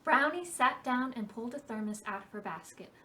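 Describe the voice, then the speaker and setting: A woman reading a picture book aloud at a library storytime for preschoolers, in a slow and expressive storybook cadence. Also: fairly high pitch, distant mic, a little hiss or hum.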